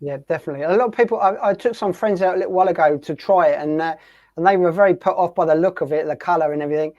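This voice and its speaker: A man hosting a radio show, asking a guest questions in an easygoing, halting way. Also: high voice, a little mellow, no echo. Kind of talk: casual interview chat. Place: home on the coast in southern Spain. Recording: dry, dull lo-fi sound.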